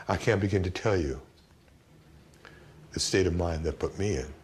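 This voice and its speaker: An older man recalling events in a documentary interview, telling it vividly in the present tense and softening the quoted voices. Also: low voice, measured pace, a little hiss or hum.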